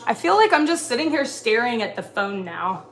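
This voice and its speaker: A woman's voice: on the high side, big pitch swings, moderate pace, fairly bright tone, soft background music. A woman in her thirties from Alabama with a mild Southern accent, chatting casually on a livestream and answering viewer comments. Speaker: livestream co-host.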